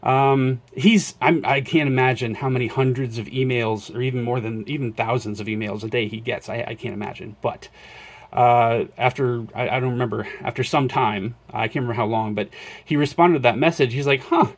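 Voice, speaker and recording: A man's voice: medium pitch, fairly quick. A man casually showing off his collection in a vlog, rambling with many fillers and self-corrections. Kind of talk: casual show-and-tell vlog.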